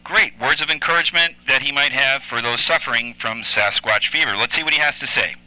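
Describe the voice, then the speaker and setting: A male call screener with a very bright, sharp voice. He sounds upbeat. He repeats each caller's question back before passing it on. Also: medium pitch, a little fast, no echo, low-quality recording. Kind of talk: comic live call-in chat.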